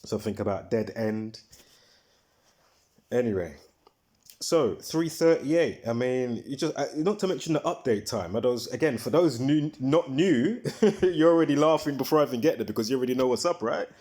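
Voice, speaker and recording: A man's voice: medium pitch, lively intonation, a little fast, darkish tone. A man hosting his own video, talking in a casual rambling monologue, full of fillers and repeats, who swears when heated. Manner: repetitive, filler-heavy, restarts often. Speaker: video host.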